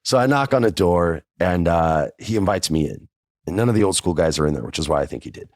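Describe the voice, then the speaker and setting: Deep-voiced man telling a casual story. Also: expressive, quick pace, a little mellow, no echo, clean studio sound. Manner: chatty, acts out quoted dialogue. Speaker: podcast host. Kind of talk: casual first-person storytelling.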